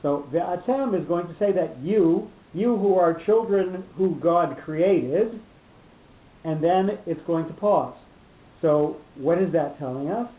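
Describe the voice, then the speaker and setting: Man teaching Torah class, fairly high voice, slow repeating explanations, echoey dull recording. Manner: explains slowly, often repeating words.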